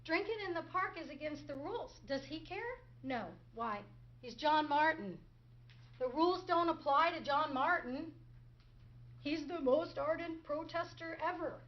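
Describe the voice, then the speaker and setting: A woman's voice: sits high, expressive, unhurried, highs cut off. A middle-aged woman prosecutor giving a courtroom closing argument, sarcastic, firing rhetorical questions and mimicking others.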